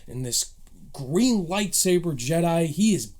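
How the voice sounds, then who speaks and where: A man's voice: a little high, lively intonation, unhurried, darkish tone. Eager man recapping an episode. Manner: eager, emotional recapping of plot beats. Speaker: movie reviewer. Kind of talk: casual spoken episode review.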